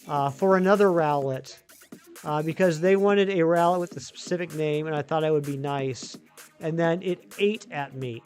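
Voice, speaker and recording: A man live-streaming a video game, chatting excitably with his viewers. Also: fairly high pitch. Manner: chatty, excitable, talks to chat. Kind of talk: live gaming stream chat.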